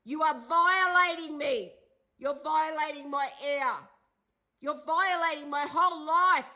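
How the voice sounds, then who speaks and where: Agitated high-pitched Australian woman. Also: unhurried, bright, forceful tone, poor audio. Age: older. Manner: agitated, pleading and accusing, repeating phrases. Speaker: vlogger. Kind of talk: distressed direct-to-camera plea.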